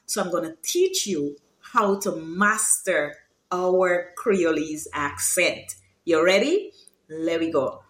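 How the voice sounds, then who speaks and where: A woman from Guyana with a Guyanese accent, teaching her Creolese accent in a casual lesson, explaining slowly and jumping into high, lively example phrases. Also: roomy sound. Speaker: language teacher.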